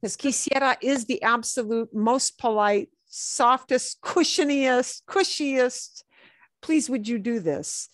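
A woman's voice: fairly high pitch, slow pace, no room sound. Chatty woman teaching Spanish, dry sound. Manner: chatty, mixes Spanish phrases into English explanations. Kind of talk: online class lesson.

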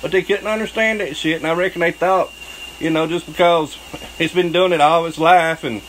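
A Southern US man tells a rough, bragging tale, his speech thick with profanity and frequent laughter. His voice sits a little high for a man. A faint hum of a vehicle runs underneath. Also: normal speed, fairly bright tone, low-quality recording. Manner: profane, boastful, laughs often. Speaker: channel host telling a story. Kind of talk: crude storytelling monologue.

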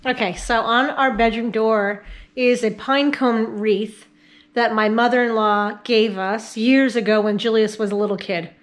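A woman's voice: a little high, steady tone, measured pace, soft background music, rough recording. A middle-aged woman giving a casual home tour vlog in her house, chatting to viewers as she walks from room to room. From New York, Catskills area. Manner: chatty, talks baby-talk to her dogs. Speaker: home vlogger. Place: home interior, house rooms.

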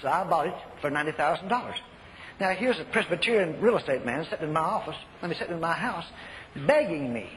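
Bright, high-pitched older preacher man. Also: expressive, fast talker. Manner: folksy storytelling, shouts commands, repeats phrases. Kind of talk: sermon. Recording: echoey hall, faint noise.

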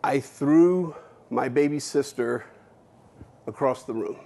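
A man delivering an emotional keynote in a lecture hall, mid-pitched and blunt. He swears without apology and swings between loud emphasis and near-whispers as he tells his story. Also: takes it slowly, vocal fry. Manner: blunt, candid, swears freely, shifts between loud and hushed. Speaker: keynote speaker.

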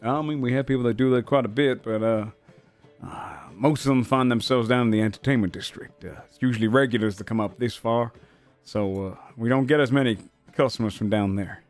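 A man's voice: medium pitch, fairly quick, faint music behind, natural voice. A man voicing a friendly, broad, gray-haired male minotaur barkeep who chats with newcomers. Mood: chatty. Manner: welcoming, chatty.

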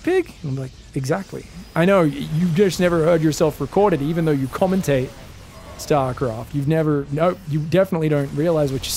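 A man casting a live esports match, excitable and joking, shouting out at big plays. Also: a little high, slight background noise. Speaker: esports caster. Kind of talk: live game commentary.

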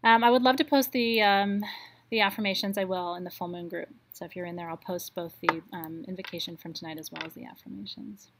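Woman guiding a soft-spoken meditation. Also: fairly low pitch, fairly even intonation, noisy background. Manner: slow, soothing, drops softer on affirmations. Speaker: spiritual teacher leading a live online ritual. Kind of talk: guided meditation and ritual talk.

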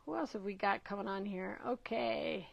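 A woman's voice: mid-range voice, moderate pace, gravelly, no room sound. Middle-aged woman hosting a live Q&A. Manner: encouraging, greets viewers by name, some filler hesitations. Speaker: nutrition educator hosting a live Q&A. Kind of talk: casual live-stream talk. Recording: dull lo-fi dry sound.

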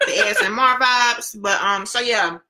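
A young adult woman co-hosting a live podcast, chatting casually and relaxed while eating. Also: a little high, normal speed. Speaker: podcast co-host.

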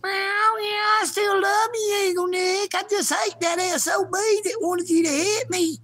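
A man doing a whiny, high-pitched hurt kitty. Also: fairly even intonation, measured pace, bright, forceful tone, exaggerated voice. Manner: whimpering, tearful, complaining. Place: outdoors at a park.

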